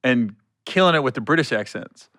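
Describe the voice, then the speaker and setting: A man's voice: medium pitch, fairly quick, dry recording, studio quality. A middle-aged man hosting a podcast, telling stories with lots of laughter and acted-out quotes. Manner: animated storyteller, laughs often, acts out quotes. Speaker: podcast host. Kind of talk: casual chat.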